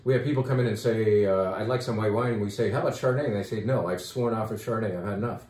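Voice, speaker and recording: A man's voice: on the low side, very fast, darkish tone, echoey room. A man who runs a wine shop, chatting enthusiastically about the wines on offer in a casual, rambling way. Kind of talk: casual wine talk video.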